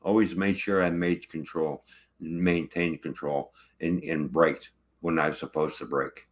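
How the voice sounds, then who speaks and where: A man's voice: rumbling low, fairly even intonation, a little slow. A truck driver ranting angrily about his truck, swearing constantly in casual livestream talk.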